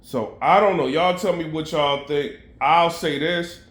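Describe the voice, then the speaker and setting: A man's voice: a little high, unhurried, fairly bright tone. Man, casual commentary, talks to viewers, fillers and asides, echoey room. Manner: conversational, filler-heavy, addresses viewers directly. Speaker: battle rap commentator.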